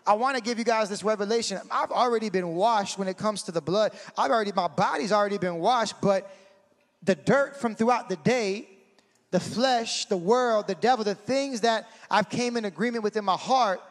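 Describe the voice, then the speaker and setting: A man preaching a sermon in an animated way, acting out scenes and swinging from shouting to a hush. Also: high-pitched, moderate pace. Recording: hall reverb.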